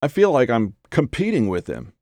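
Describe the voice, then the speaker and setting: A man's voice: medium pitch, huge pitch swings, normal speed, a little mellow, no echo, clean studio sound, pitched above the performer's own voice. A man playing a bitter jealous woman. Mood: bitter, upset. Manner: raised bitter pleading lines. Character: resentful jealous young woman.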